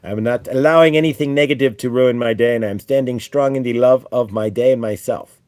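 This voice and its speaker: A man's voice: mid-range voice, fast talker, a little mellow, no echo, natural voice. A man channeling a male ascended master spirit, giving a spiritual teaching in a preachy manner that ends almost every point with "right?". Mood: earnest teaching.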